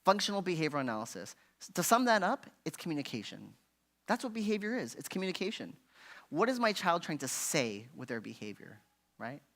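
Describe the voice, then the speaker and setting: Conversational man teaching parents, slightly high voice. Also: sing-song, a little fast, fairly bright tone. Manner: conversational, constantly asking "right?"; acts out frustrated parents in a raised voice. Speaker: parenting workshop speaker. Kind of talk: parent education talk. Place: church hall.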